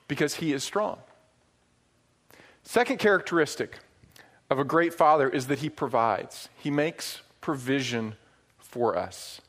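A middle-aged man from upstate New York preaching a sermon, telling stories with swings from hushed asides to loud, emphatic points. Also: mid-range voice, animated, unhurried, pauses often. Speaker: pastor.

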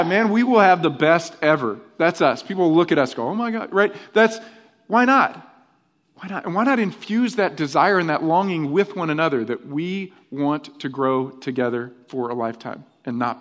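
A middle-aged man preaching a conversational sermon as pastor, animated and often tagging his points with rhetorical questions. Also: mid-range voice.

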